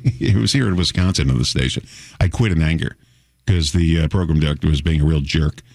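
A man's voice: very deep voice, fairly quick, vocal fry, darkish tone, dry recording, studio quality. A middle-aged man hosting a radio show, talking in a chatty, wry way and chuckling often. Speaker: radio host. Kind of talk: casual radio talk.

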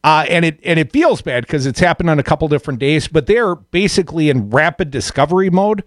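A man hosting a call-in radio talk show, animated and self-deprecating, talking off the cuff. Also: on the high side, fairly quick, no echo, clean studio sound.

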